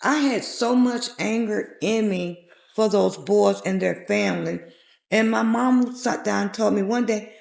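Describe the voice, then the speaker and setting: A woman's voice: medium pitch, steady tone, normal speed, vocal fry, a little mellow. A middle-aged woman earnestly telling a heartfelt personal story as a podcast guest. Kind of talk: personal testimony in a podcast interview. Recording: echoey room.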